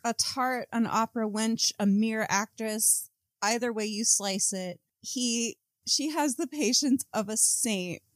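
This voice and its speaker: A woman's voice: fairly high pitch, unhurried, dry recording. A woman co-hosting a casual book-club podcast, quoting the book with wry mock outrage. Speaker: podcast co-host.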